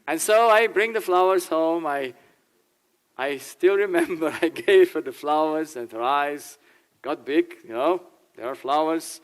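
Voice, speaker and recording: An older German-speaking man gives an animated talk to a church audience, laughing often and slipping into little acted dialogues. His voice sits a touch high for a man. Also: a little slow, clear, resonant tone. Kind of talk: informal talk with acted quotes.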